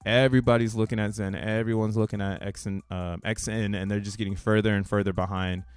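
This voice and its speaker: Slangy man with a smooth, low voice. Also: level tone, a little fast, no echo, faint music behind. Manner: slangy and loose, laughs between points; rambling, restarts thoughts mid-sentence. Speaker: crypto channel host. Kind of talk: casual commentary on a chart.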